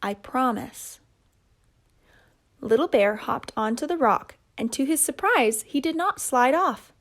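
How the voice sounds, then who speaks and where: A woman telling a children's puppet story in a gentle, measured way. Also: sits high, lively intonation.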